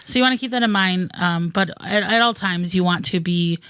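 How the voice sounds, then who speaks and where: A woman from Wisconsin with an Upper Midwest accent, co-hosting a gardening radio show and explaining in a lively, casual way. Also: on the low side, brisk, smooth, dry recording. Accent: Upper Midwest American. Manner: explanatory, lively, trails off to softer ends.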